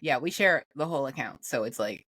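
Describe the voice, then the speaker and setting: Animated woman chatting on a podcast. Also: extremely low pitch, brisk, slight background noise. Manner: animated, opinionated and emphatic. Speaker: podcast co-host. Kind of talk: casual chat.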